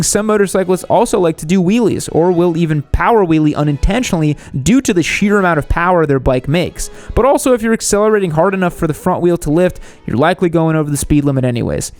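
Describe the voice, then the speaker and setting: A man hosting a motorcycle channel, narrating a scripted comedy bit in a deadpan style that jumps into animated outbursts. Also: on the high side. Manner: deadpan jokey delivery with sudden animated outbursts.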